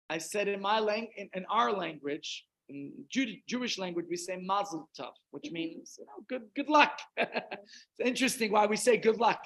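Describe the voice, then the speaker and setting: A man's voice: high voice, brisk, fairly bright tone, poor audio. A man with a Russian accent, a rabbi telling a long humorous anecdote in a chatty, self-interrupting way. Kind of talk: anecdotal storytelling talk.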